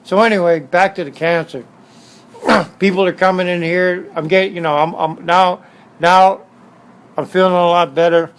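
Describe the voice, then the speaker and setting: A man's voice: high-pitched, steady tone, moderate pace, smooth, rough recording. A middle-aged man with a Southern Californian accent telling stories in a blunt, streetwise way, repeating himself for emphasis, in a casual interview at his motorcycle shop.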